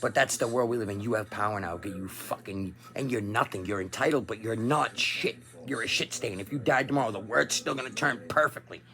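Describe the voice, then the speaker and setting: A man's voice: lowish voice, a little fast, hardly any pauses, sharp tone. A man hosting his own channel, delivering a crude, combative, profane ranting monologue. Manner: crude, combative, lots of swearing. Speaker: channel host.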